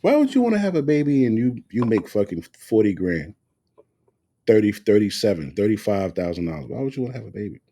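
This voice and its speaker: A man's voice: on the low side, fairly quick. A man co-hosting a podcast, talking bluntly and with a lot of profanity in casual chat. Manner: blunt, profane, animated rants. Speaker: podcast co-host.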